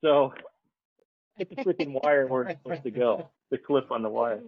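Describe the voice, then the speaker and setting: A man's voice: mid-range voice, lively intonation, normal speed. A man hosting a podcast, folksy and joking as he asks questions, with lots of fillers. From ranch in the Nebraska Sandhills. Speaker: podcast host. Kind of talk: casual podcast chat. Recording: tinny phone-like line, dry.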